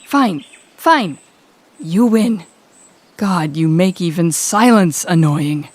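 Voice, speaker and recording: A woman's voice: on the low side, lively intonation, slow, darkish tone. A woman voicing a cold, sardonic female demon lord who talks in a curt, cutting, sarcastic way in an audio role-play. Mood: grudging.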